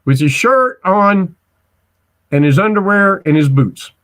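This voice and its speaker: A man's voice: sits high, lively intonation, unhurried, a bit bright. A man in his forties from Missouri, telling casual stories as a guest, rambling with restarts and stammers. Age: 40s. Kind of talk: casual storytelling.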